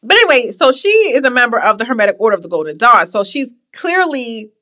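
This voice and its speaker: A woman's voice: fairly high pitch, very animated, quick pace, bright, forceful tone. A young woman hosting a podcast, telling a history story in a casual, chatty way with asides to her listeners. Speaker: podcast host.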